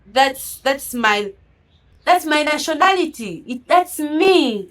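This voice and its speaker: A woman with a non-native English accent preaches an earnest motivational sermon. Her voice sits fairly high, and she presses her listeners with question after question. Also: lively intonation, slow pace, rough recording. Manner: earnest, exhorting, with many rhetorical questions.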